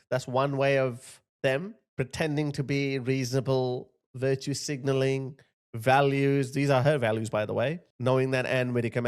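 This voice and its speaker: A man giving mocking reaction commentary on clips, now and then mimicking people he mocks. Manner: scornful, mocking, mimics others in a high voice. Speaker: political commentator.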